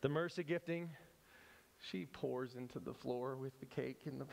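A man teaching at a church service, animated and playful, often breaking off and restarting as he acts out examples. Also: medium pitch, measured pace, gravelly. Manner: animated, self-interrupting, playful. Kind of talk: church teaching with acted-out scenes.

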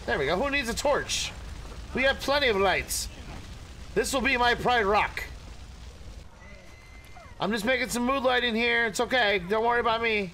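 A goofy man gives playful let's-play commentary in a high, lively voice that swoops all over. He chats to the animals, sings nonsense and yelps when things go wrong, with a bright, sharp tone. A faint hiss sits under the voice. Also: a little slow, pauses often. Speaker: gaming streamer.

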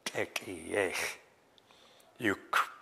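A man's voice: low voice, very slow, creaky, bright, forceful tone, husky, big-room sound, pitched below the performer's own voice, exaggerated voice. A man doing a wary, distrustful deer.

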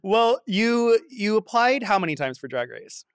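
A man's voice: sits high, sing-song, measured pace, clear, resonant tone, no echo, studio quality. Male podcast host asking questions. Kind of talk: interview questions. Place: podcast studio.

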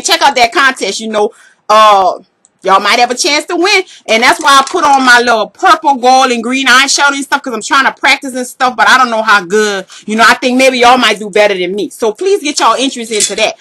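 A woman's voice: high-pitched, sharp tone. A woman with a Southern US accent playing her brash, gossipy, jealous party-girl alter ego in a comedy vlog, talking in a sassy, slangy, trash-talking way. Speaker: vlogger in character.

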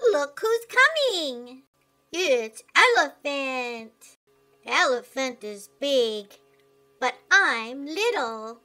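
A woman narrating a simple lesson for preschoolers in a slow, sing-song manner. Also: high-pitched, sing-song, bright, forceful tone, soft background music.

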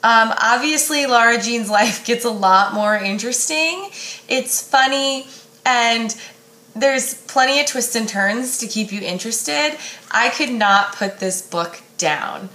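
A woman's voice: fairly high pitch, a little slow, pushed and bright. A woman, a school librarian, giving a casual, upbeat book recommendation with filler ums. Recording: echoey room.

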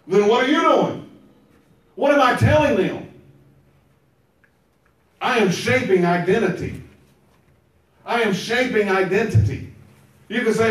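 Guy preaching w a really high voice, emphatic, repeats himself, shouts sometimes. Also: a little slow, long pauses. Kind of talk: sermon. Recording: very echoey room, mic far off.

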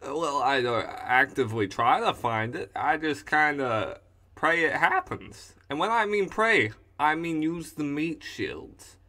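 An Australian man with a sore throat jokes about his own efforts in casual commentary. His voice is bright and forward, and he talks at an unhurried pace. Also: a little high, big pitch swings. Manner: self-mocking, joking. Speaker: YouTuber voicing game characters.

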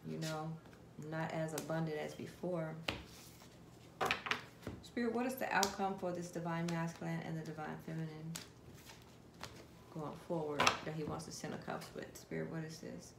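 A tarot card reader with a low, gravelly voice gives her viewers a casual reading at normal speed, pausing often. She's chatty and direct, asking spirit questions aloud in an echoey room with steady background noise.

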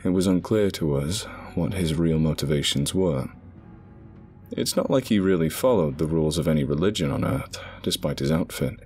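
A man narrating a scripted horror story in a measured, dramatic way. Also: extremely low pitch, darkish tone. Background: background music.

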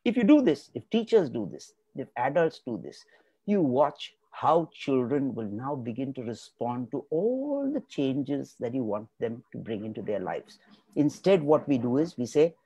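Lively man giving a motivational talk. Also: medium pitch, moderate pace, breathy edge, no echo. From India. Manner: emphatic, repeats key words for stress. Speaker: guest expert speaker.

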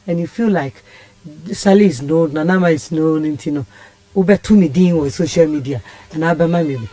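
A woman's voice: fairly low pitch, lively intonation, moderate pace, dark tone, no room sound. A Ghanaian woman telling a personal story as a radio guest, impassioned and rambling. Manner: impassioned, rambling, switches languages. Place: radio studio.

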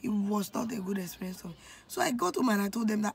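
A woman's voice: medium pitch, expressive, fast talker, creaky, slightly rough. Nigerian woman telling a personal story. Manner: emotional, confiding storytelling that addresses viewers directly. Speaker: vlogger. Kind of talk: storytime vlog.

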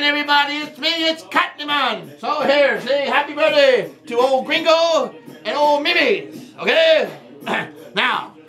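Sitting high and creaky, a man's voice plays Cotton Man, a joking male character in a homemade birthday video. He shouts greetings and rambles on, repeatedly dropping "man" and "see."

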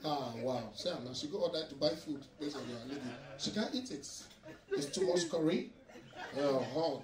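A man's voice: on the high side, sing-song, normal speed. A young man with a Nigerian accent doing live stand-up crowd work, teasing the audience and laughing as he talks. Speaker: stand-up comedian. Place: noisy nightclub stage. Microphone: handheld mic. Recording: echoey club, mic picked up from far. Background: crowd laughing and cheering.

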